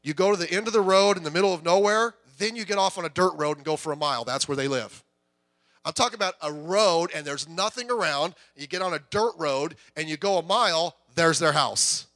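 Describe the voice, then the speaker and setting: Man, pastor, middle-aged, conversational sermon, joking asides, high pitch. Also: a little fast. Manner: conversational, joking, animated preaching.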